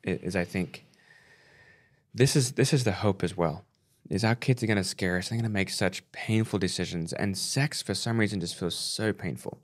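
A man in his forties co-hosting a parenting podcast, speaking haltingly with repeated words as he holds back tears. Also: deep voice. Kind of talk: emotional podcast conversation.

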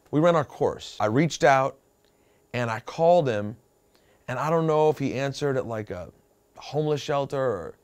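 A man's voice: medium pitch, smooth. A man hosting a radio show in a studio, telling stories and teasing his co-host in comedic banter. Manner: teasing, animated storyteller.

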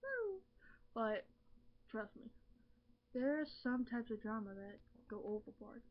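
A woman's voice: on the high side, steady tone, unhurried. A woman chatting casually in a rambling, self-deprecating way, recorded with a laptop webcam mic. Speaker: vlogger. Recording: dull lo-fi laptop webcam audio.

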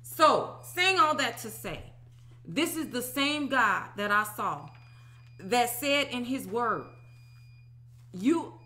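A woman in her thirties giving an animated, emphatic personal testimony, often asking "okay?". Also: on the high side, slow pace, long pauses. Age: 30s. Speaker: religious teacher.

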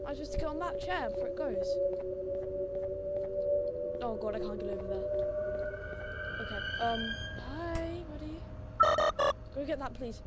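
Another fairly high-pitched female streamer plays a horror game for a let's play, her voice competing with loud game music. Frequently startled, she jumps and shrieks, then turns soft as she coaxes and pleads with a companion.

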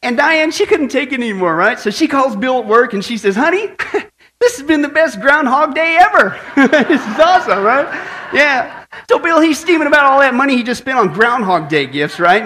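Male pastor, playful storyteller preaching a sermon, high and bright. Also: lively intonation, brisk. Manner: playful storyteller, asks the crowd "right?". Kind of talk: sermon with jokes.

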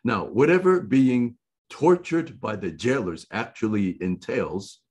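A man preaching a sermon, reading scripture verse by verse and explaining it with deliberate emphasis and repetition. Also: lowish voice, animated, a little mellow, breathy edge.

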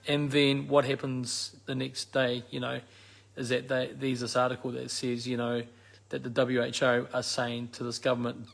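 A New Zealand man with a gravelly, husky voice delivers an impassioned message to his supporters. He stresses points by repeating words and fills gaps with "you know" and "um." His pitch sits in an ordinary middle range for a man. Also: monotone, moderate pace, a bit bright. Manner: emphatic, repeats words for stress, many fillers. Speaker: activist addressing supporters.

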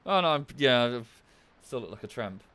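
Bright-voiced joking male streamer. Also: medium pitch, big pitch swings, normal speed, clear, resonant tone. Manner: joking, self-mocking banter. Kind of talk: casual gaming chat.

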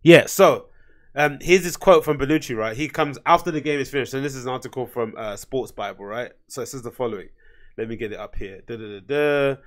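A man's voice: mid-range voice, a little fast. A man hosting his own podcast, ranting in a blunt, profane, rambling way, often getting heated. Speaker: podcast host. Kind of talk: casual solo rant.

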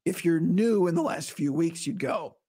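A man with a hoarse, rough voice, recovering from vocal cord surgery, hosting a casual solo sports podcast in a blunt, opinionated way. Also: fairly high pitch, animated, normal speed, mellow. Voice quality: rough, breathy voice dropping into whispers. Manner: blunt, opinionated, talks straight to listeners.

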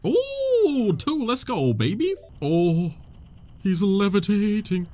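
A man giving excitable, joking gameplay commentary, laughing often and talking to the characters on screen. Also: high-pitched, slow, no echo. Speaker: gamer.

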